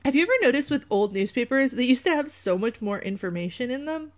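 A woman's voice: high voice, animated, fast talker. A woman hosting a podcast, talking casually with many fillers and wry asides. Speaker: podcast host. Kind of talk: casual conspiracy podcast talk.

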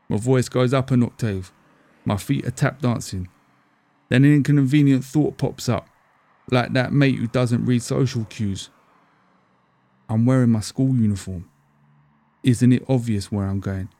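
A middle-aged man, telling a scripted story in a wry, deadpan, conversational way. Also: medium pitch, a little slow, long pauses, dry recording. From England. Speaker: storyteller and podcast host.

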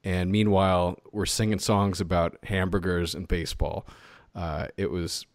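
A man in his thirties co-hosting a podcast, talking in an animated, opinionated way. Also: sits low, normal speed, no echo. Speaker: podcast co-host. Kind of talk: casual opinionated chat.

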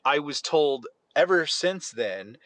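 A man's voice: on the high side, sing-song, takes it slowly, a bit bright, dry recording. A man co-hosting a casual podcast, talking sarcastically and often cutting in. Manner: sarcastic, interrupting, mock voices. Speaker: podcast co-host. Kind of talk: casual conspiracy podcast chat.

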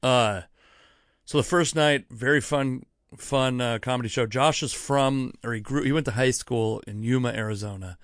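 A man's voice: mid-range voice, moderate pace, fairly bright tone, no echo. A young man talks straight into a close mic in a dry, dead room, winding through a story in casual podcast chat. He swears freely and keeps breaking off to chase side thoughts before he comes back to the point. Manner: rambling, profane, self-interrupting anecdotes. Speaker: podcast host.

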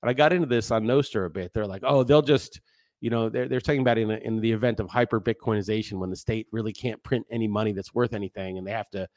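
A man's voice: on the low side, fast, hardly any pauses, darkish tone, dry recording. Guy going off on his podcast, angry and sweary, dry close mic. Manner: heated, profane ranting. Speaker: podcast host. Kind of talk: solo podcast monologue.

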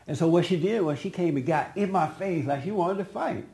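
Gravelly man telling a family story. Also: a little high, brisk. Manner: animated, laughing, quoting others in a raised voice. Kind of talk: casual personal anecdote.

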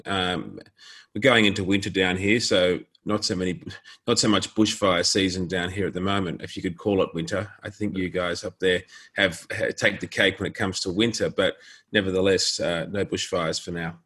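Australian man with a bright, low voice. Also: steady tone, normal speed, slightly rough. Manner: easygoing, good-humoured, hesitant with fillers. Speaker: lawyer guest. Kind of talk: casual interview.

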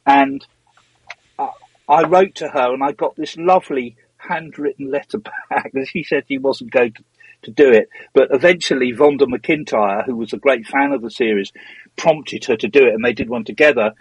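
A middle-aged man with a husky, slightly breathy voice tells stories as an interview guest. His talk drifts from one tangent to the next, full of ums and false starts. The sound is dry and close, with no room echo. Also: medium pitch, moderate pace, muffled recording. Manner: rambling and digressive, with frequent ums and restarts. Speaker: interview guest, former magazine editor. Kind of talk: casual anecdotal storytelling.

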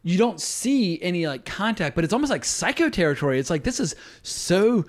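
Excitable man gushing about old films. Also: sits high, brisk. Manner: enthusiastic, laughs loudly, profane. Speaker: podcast host. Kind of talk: casual film discussion.

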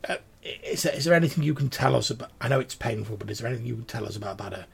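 A man voicing a nervous, pompous gentleman patron who stutters through grand old-fashioned speeches. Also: mid-range voice, expressive, very fast, vocal fry, slightly rough, heavily acted.

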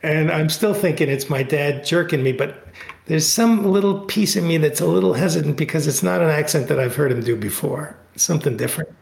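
A middle-aged man telling a story in a casual interview over a video call, animated and full of restarts, his voice jumping high when excited. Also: brisk, creaky, roomy sound. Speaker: guest, author and Tai Chi teacher.

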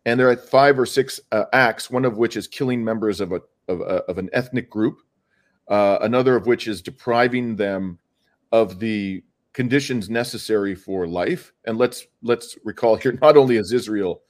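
A man's voice: lowish voice, moderate pace. A man who is a lawyer, answering interview questions with a careful, earnest legal argument, stressing key words and using many fillers and restarts.

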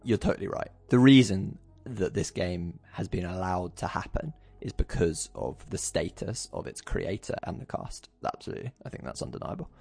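Gravelly, lively-voiced man chatting. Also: low voice. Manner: chatty, laughs often, agreeable. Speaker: podcast co-host. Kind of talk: casual chat.

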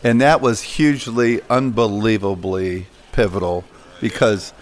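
Low-voiced middle-aged man telling a story. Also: fairly even intonation, measured pace. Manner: rambling, filler-heavy anecdotes. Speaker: interview guest, coffee business founder. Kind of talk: casual interview storytelling.

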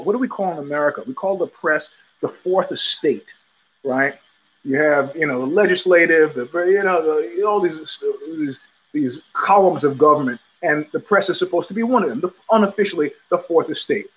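A man hosting his own show, talking in a loose, halting monologue, often repeating words and chuckling as he goes. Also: on the high side, fairly bright tone, husky, rough recording. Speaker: podcast host. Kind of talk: rambling casual monologue.

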